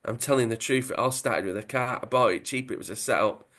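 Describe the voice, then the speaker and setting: A man's voice: medium pitch, fast, a bit bright, lightly acted. A man putting on the voice of a nervous, pleading footballer in a comic retelling. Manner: anxious, wheedling.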